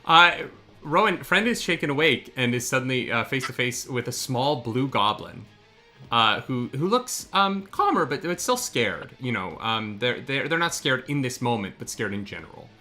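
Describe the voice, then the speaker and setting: A man running a tabletop game as game master, describing scenes in a halting way with many fillers. His voice is bright and forward, with faint music underneath. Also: medium pitch, sing-song.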